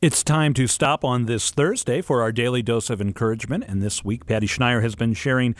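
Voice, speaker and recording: A man's voice: mid-range voice, a little fast, dry recording. A man hosting a radio show from a studio, friendly and sincere. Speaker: radio host.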